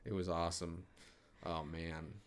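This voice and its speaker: Low-voiced man chatting through commentary. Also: little pitch movement, unhurried, a crowd in the background. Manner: laid-back, laughing, exclamatory asides. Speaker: filmmaker giving director's commentary. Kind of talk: casual commentary chat.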